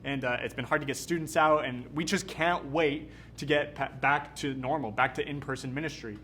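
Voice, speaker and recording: A young man from Canada, a youth pastor giving an energetic, conversational sermon. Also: medium pitch, fairly quick, slight background noise. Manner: energetic, casual, conversational preaching.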